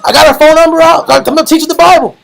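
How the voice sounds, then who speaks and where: Young man, preacher, lively street-style sermon, slangy, animated delivery. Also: extremely high pitch, very fast, gravelly, poor audio. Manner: animated, slangy, calls the audience bro.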